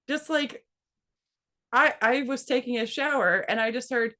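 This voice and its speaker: Thirties woman, casual profane storyteller, mid-pitched, lively quoting. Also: brisk. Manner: profane, animated, quotes her son in a high voice. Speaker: co-host telling a story.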